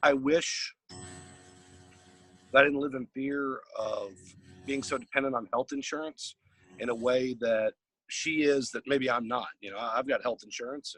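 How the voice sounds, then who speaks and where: A man's voice: mid-range voice, slightly rough, dry recording, low-quality recording. A man from the Chicago area, a caregiver, talks casually and ramblingly on a video call. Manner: relaxed, rambling, many fillers. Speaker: caregiver partner. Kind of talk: casual personal sharing on a group call.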